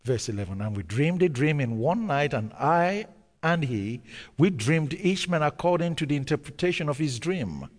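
A male pastor preaches a sermon, reading scripture aloud and retelling it with dramatic pauses and sudden bursts of emphasis. His voice is a little high and very animated, with a big-room sound.

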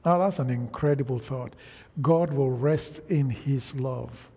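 A man preaching a sermon, slow and emphatic, calling out to the congregation for responses. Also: mid-range voice, warm tone, husky, in a large hall.

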